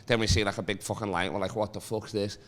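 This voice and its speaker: A man's voice: lowish voice, steady tone, fast talker, a bit bright, slight background noise. A young man from Liverpool with a Liverpool accent, telling rambling, sweary stories on a comedy podcast. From Liverpool, England. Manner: rambling storyteller, swears a lot, laughs. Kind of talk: casual podcast chat.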